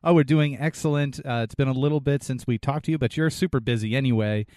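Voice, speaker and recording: A man's voice: medium pitch, quick pace, darkish tone, no room sound, studio quality. A man co-hosting a podcast, asking earnest, rambling questions in casual chat. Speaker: podcast co-host.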